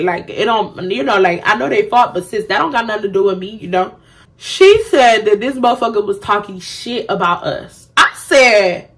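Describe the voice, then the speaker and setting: A young woman vlogger telling a storytime, blunt and profane, animated as she acts out what others said. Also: medium pitch, normal speed. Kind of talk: storytime vlog.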